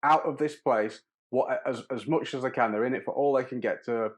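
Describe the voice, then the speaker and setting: A man's voice: medium pitch, a little fast. A man who is a podcast guest, speaking in an earnest, philosophical way and often repeating words. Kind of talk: casual conversation.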